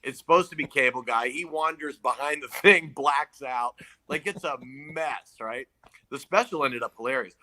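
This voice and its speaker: A man telling a story in casual chat, animated, acting out quoted people. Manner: animated storyteller, acts out quotes in loud high voices. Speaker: comedian guest.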